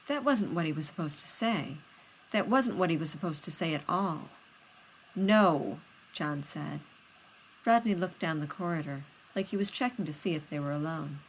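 A woman with a lowish voice reads fiction aloud in a steady, unhurried way. It is plain audiobook narration with a faint hiss behind it. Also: rough recording. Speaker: reader.

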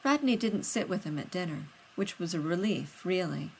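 A woman reading fiction aloud as audiobook narration, steady and unhurried. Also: on the low side, slight background noise, poor audio. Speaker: reader.

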